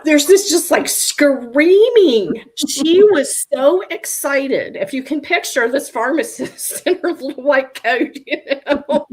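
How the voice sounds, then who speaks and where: Woman on a video call telling funny adoption stories, laughs a lot. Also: sits high. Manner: lively anecdotes, laughs often. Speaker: guest author, adoption attorney. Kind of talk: casual storytelling on a live stream.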